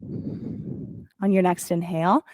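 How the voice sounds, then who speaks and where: A woman teaching a yoga class, calmly counting breaths and cueing poses with encouragement. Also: fairly low pitch, slow, no room sound, rough recording. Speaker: yoga instructor. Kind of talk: guided yoga class cues.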